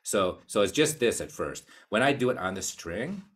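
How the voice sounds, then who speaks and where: Low, husky-voiced man teaching cello. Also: very animated, moderate pace, a bit bright. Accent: American. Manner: casual, explanatory, counts beats aloud. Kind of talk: live online masterclass talk.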